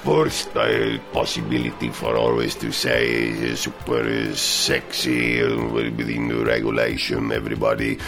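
A man playing a former team boss who rambles nonsense slowly in broken English. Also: very deep voice, monotone, creaky, over music, heavily acted. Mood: smug.

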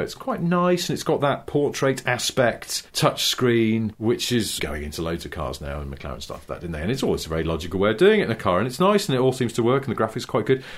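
Playful rambling man. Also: mid-range voice. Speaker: podcast host. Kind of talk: casual chat.

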